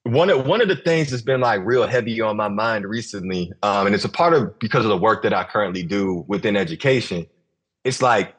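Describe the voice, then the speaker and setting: Podcast host guy, husky voice, thinks out loud, lots of restarts. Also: fairly low pitch, lively intonation, a little fast. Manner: reflective, talks with many restarts and repeated phrases. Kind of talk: casual podcast conversation.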